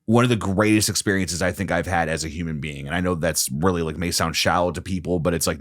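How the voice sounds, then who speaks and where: A man with a very low voice, co-hosting a podcast. He talks in an earnest, rambling way, with lots of fillers and restarts. The mic is close and dry, with no room sound. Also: steady tone, fast, few pauses, no echo. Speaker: podcast co-host. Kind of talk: casual chat.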